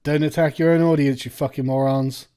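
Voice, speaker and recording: A man's voice: mid-range voice, steady tone, a little fast, warm tone, smooth. A man hosting a reaction commentary, ranting in a sarcastic, profane way. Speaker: commentary video host.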